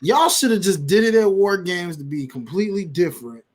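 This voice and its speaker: A man's voice: high-pitched, expressive, brisk. A man co-hosting a wrestling podcast, chatting casually with slang and acting out quotes in funny voices. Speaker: podcast co-host.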